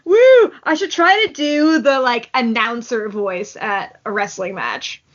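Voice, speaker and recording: A woman's voice: fairly high pitch, lively intonation, a little slow, highs cut off. A woman hosting a podcast in casual chat, talking in a giggly, self-deprecating, chatty way. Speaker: podcast host.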